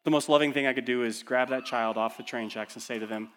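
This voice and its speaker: Male pastor, mid pitch, urgent sermon delivery, rhetorical questions, shifts from hushed to loud. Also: fairly even intonation, fast talker. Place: church.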